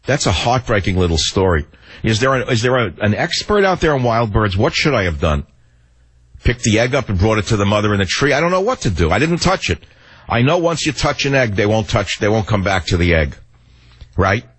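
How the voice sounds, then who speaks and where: A man's voice: lowish voice, husky, dry recording. An older man hosting a talk radio show, swinging from tender musing to angry ranting with rhetorical questions.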